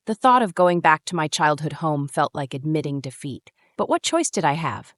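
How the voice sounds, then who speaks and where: A woman in her thirties narrating a first-person drama story in a measured, brooding way. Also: low-pitched, very animated, dry recording, clean studio sound. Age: 30s.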